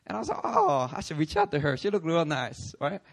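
A man preaching a sermon, animated and conversational, acting out voices in his stories. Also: fairly high pitch, fairly quick, vocal fry. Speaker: pastor.

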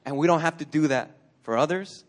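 Animated high-voiced male pastor. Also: brisk. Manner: conversational, animated storytelling with laughs. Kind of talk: sermon. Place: church.

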